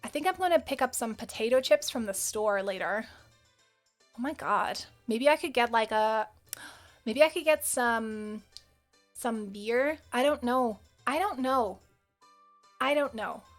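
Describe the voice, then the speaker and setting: A Scottish woman putting on an American accent, talking slowly and hesitantly. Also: on the high side, expressive, faint music behind. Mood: playful. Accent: American, put on.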